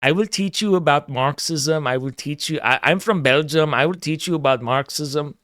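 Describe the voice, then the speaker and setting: A man voicing a pompous male European Marxist lecturer, lower and quieter than his own voice, with a condescending manner. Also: normal speed, dry recording, studio quality, close to an everyday voice.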